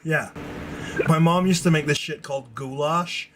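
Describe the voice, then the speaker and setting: Podcast host, man, somewhat high voice, loose storytelling, faint hiss behind. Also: moderate pace. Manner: animated storyteller, swears casually. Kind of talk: casual chat.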